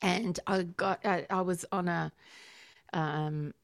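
Middle-aged Australian woman, lowish voice, chatty storyteller, dry close sound. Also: slow pace, creaky, no room sound. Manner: storytelling, animated when laughing. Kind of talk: casual chat.

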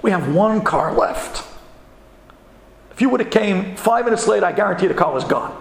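A man's voice: sits high, animated, normal speed, vocal fry, echoey room, in a large hall. A man voicing a firm, matter-of-fact female rental car clerk.

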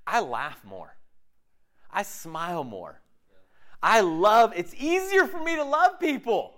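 Animated high-voiced man leading a discussion. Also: slow pace. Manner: animated, peppered with rhetorical "okay?". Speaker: discussion leader. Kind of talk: preachy group talk.

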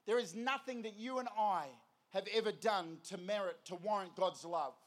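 High-voiced preacher. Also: male voice, moderate pace. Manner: lively storytelling with crowd prompts. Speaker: youth preacher. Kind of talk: energetic festival sermon.

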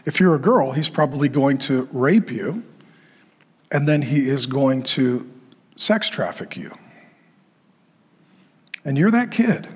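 A male pastor preaching a sermon in an emphatic way, repeating phrases and pausing for effect. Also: medium pitch, expressive, breathy edge. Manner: emphatic, repetitive, with dramatic pauses.

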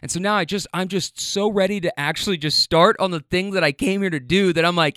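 Male storyteller, casual and rambling, smooth resonant voice, swears freely. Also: sits high, brisk, hardly any pauses, sharp tone, dry recording, studio quality. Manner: rambling with fillers, stammers and swearing.

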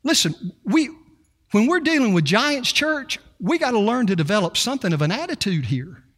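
A man preaches to his church with lively, swooping delivery and a bright, forceful tone. He acts out quotes with plenty of attitude. His voice rings out with long reverb in a large hall. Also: high-pitched, moderate pace. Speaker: pastor. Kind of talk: sermon.

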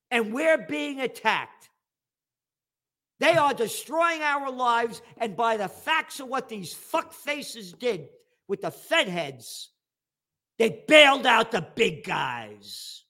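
A man's voice: high-pitched, fairly bright tone. Blunt profane older New man. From New York, USA. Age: 70s. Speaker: host. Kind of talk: ranting commentary.

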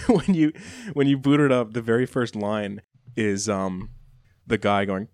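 A man's voice: fairly low pitch, measured pace, a little mellow, no echo, studio quality. A man co-hosting a podcast, chatting casually and enthusiastically about songs. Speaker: podcast co-host. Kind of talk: casual chat.

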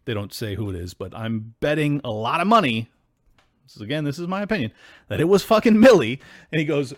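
A man hosting a solo political podcast, ranting in a heated, profane, combative way that breaks into yelling. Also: a little high, very animated, fairly quick, dry recording, clean studio sound. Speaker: podcast host.

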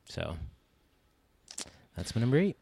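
A man's voice: medium pitch, huge pitch swings, takes it slowly, creaky, a little mellow, husky, no room sound. A man in a casual film chat, speaking in a laid-back, hesitant way with many fillers.

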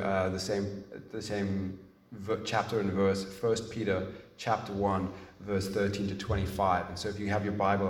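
A man preaching a sermon in an earnest, emphatic way, restarting phrases and pausing as he thinks. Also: fairly low pitch. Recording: echoey room, mic at a distance.

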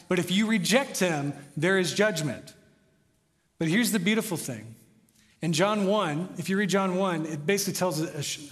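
A man preaching a conversational sermon in a church, swinging between loud emphasis and soft, quiet lines. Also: a little high. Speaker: pastor. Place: large church sanctuary. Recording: reverberant hall.

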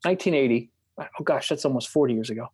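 Man, podcast co-host, reflective reader; measured, slows on key words. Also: medium pitch, husky. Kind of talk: casual chat and reading a book passage aloud.

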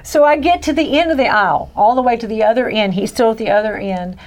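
A woman, a guest in a faith talk, telling her own story in a lively, chatty way with frequent laughter. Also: fairly high pitch, quick pace. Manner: animated storyteller, laughs often, acts out voices. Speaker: guest sharing a faith testimony. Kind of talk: casual storytelling chat.

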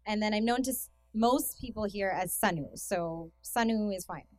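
A woman's voice: medium pitch, normal speed, no room sound. A young woman with a Canadian accent giving a casual talk as a guest speaker, chatty and self-deprecating with plenty of fillers. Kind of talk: casual talk to a youth conference. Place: hall with an audience.

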